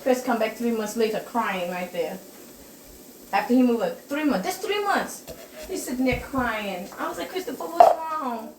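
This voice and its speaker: An older woman in her kitchen telling family stories in a casual chat, animated and acting out what people said. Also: a little high, moderate pace, echoey room, noisy background. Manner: animated, acts out quoted dialogue in raised voice. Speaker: step-mother giving life advice. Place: home kitchen.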